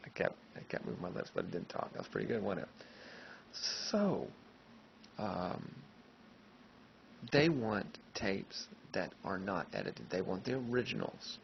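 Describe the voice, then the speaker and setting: A man's voice: on the low side, vocal fry. A male history teacher giving a casual, conversational classroom lecture who keeps checking in with his listeners, on a dull lo-fi recording. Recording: dull lo-fi recording, faint noise.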